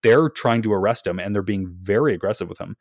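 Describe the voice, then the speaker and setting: A man's voice: fairly low pitch, fast, no room sound, clean studio sound. A young man co-hosting a podcast, telling the story animatedly with a lot of swearing, hedging and restarting. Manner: animated retelling, swears freely, hedges and restarts. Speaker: podcast co-host. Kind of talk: casual podcast chat.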